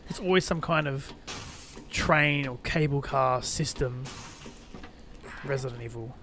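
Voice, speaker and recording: A young man plays through a horror game as a let's play gamer, narrating in an unhurried, gravelly, medium-pitched voice. He swears heavily and lets out loud, jumpy yelps whenever something startles him.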